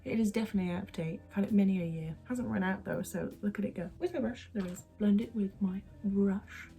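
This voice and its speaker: A woman's voice: mid-range voice, fast talker, creaky, warm tone. A young woman from England chatting through her makeup routine at home, rambling off-topic with self-mocking asides and half-whispered bits. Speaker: beauty vlogger. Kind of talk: chatty get-ready-with-me makeup talk.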